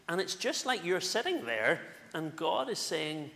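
Lively Northern Irish minister in a church. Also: male voice, fairly high pitch, measured pace, gravelly. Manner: animated storyteller, playful with children. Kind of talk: children's talk in a church service. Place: church sanctuary. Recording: echoey church with faint room noise.

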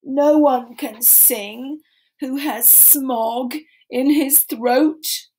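Lady doing a croaky grumpy old forest critter, high and slow, scolds a lot. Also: warm tone, full character voice, low-quality recording. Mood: scolding. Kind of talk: storybook read-aloud.

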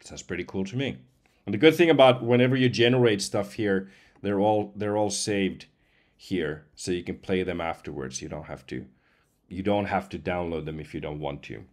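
A man's voice: low-pitched, normal speed. A man, a professional voice-over artist, casually explaining and testing voice tools, chatty with small asides. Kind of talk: casual tutorial chat.

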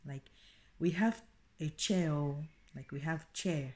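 A woman giving a casual video language lesson, explaining slowly and repeating each phrase. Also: deep voice, a little mellow. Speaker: language teacher.

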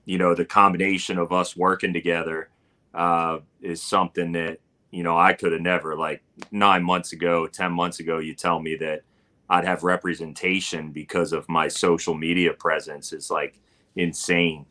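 Low, flat-voiced man telling a long story. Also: normal speed. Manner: rambling storyteller with many fillers. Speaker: barbecue cook and guest. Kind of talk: casual live-stream interview.

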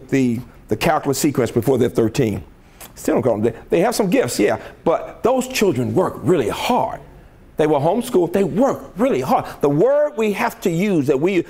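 In a conference hall, an older college president from the American South delivers a rousing keynote. His voice leans high with a darkish tone, and he speaks emphatically and rhetorically while often engaging his audience.

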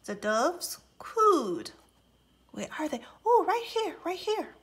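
A woman reading a picture book aloud to young children, mimicking bird calls playfully and dropping into soft whispers. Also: very high-pitched, very animated, slow pace.

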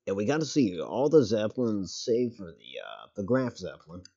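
Rambling low-voiced man streaming a game. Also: very animated, moderate pace, vocal fry, breathy edge, highs cut off. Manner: rambling, self-correcting, swears casually. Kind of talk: casual gameplay commentary. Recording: loud game gunfire behind voice. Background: game gunfire and artillery.

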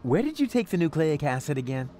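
A man's voice: on the high side, very animated, fast talker, dark tone, soft background music. An actor voicing a cocky, sarcastic young man in a video game, talking in a smug, scheming way. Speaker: game protagonist.

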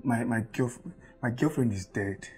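A man's voice: mid-range voice, a little slow, a little mellow, soft background music, lightly acted. A man playing a stammering, panicked brother. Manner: stammering, repeating words in panic. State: distraught. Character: panicked man pleading for his brother's help. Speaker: man who found a dead woman at home. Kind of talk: film drama acting.

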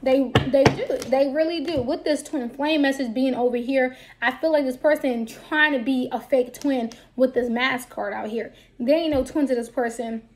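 A woman's voice: sits high, normal speed, hardly any pauses. A woman giving a casual tarot card reading to her viewers, talking bluntly and with plenty of profanity. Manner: blunt, profane, lively talk.

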